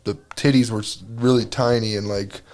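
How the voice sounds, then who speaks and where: A man's voice: on the low side, fairly even intonation, normal speed, darkish tone. A man co-hosting a comedy podcast, chatting crudely and rambling, often breaking into laughter. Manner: laughs a lot, rambling and profane. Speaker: podcast co-host. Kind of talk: crude casual comedy chat.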